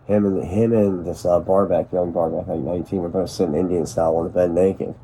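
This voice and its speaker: Laid-back man, mellow voice. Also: low voice, steady tone, fairly quick, slight background noise. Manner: rambling, profane, laid-back storytelling. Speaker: podcast host. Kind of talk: casual chat. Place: in an outdoor hot tub.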